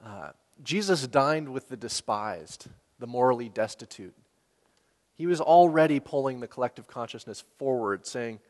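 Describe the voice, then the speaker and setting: A man's voice: mid-range voice, moderate pace. Casual preaching man in a reverberant hall. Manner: conversational, with laughs and rhetorical questions. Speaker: pastor. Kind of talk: sermon.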